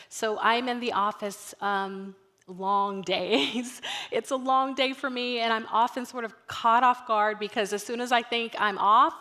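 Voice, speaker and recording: A woman in her thirties telling a personal story to an audience in an animated way, acting out the dialogue and talking straight to the listeners. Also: mid-range voice. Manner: animated, acts out dialogue, addresses the audience directly. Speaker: guest speaker at a youth ministry night.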